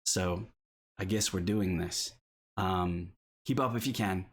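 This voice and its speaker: A man's voice: low-pitched, slow, slight background noise. A man voicing a wry, easygoing half-elf male cleric king in a tabletop game.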